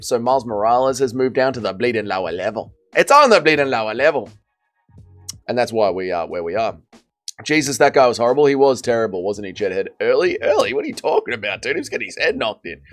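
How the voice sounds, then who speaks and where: A man hosting a casual livestream, reading chat and commentating fights with blunt, profane banter. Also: medium pitch. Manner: blunt, swearing, excitable banter. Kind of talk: casual watch-party commentary.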